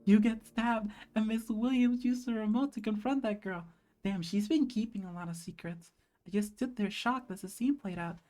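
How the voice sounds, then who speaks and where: A blunt, hurt teenage schoolgirl who doesn't hold back her swearing, read out by a woman in her own middle-pitched voice. She speaks like she's confronting her oldest friend. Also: normal speed, mellow, close to an everyday voice. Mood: hurt, angry.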